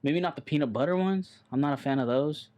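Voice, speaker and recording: A man's voice: on the high side, quick pace, a little mellow, dull audio. A man co-hosting a casual podcast chat, rambling and blunt, swearing offhandedly. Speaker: podcast co-host.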